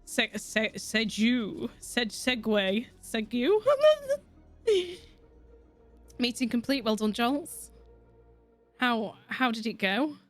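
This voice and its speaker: A woman's voice: fairly high pitch, animated, takes it slowly, long pauses, a bit bright, faint music behind. Sweary giggly Yorkshire woman streamer. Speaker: streamer with a virtual avatar. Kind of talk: casual gaming stream chat.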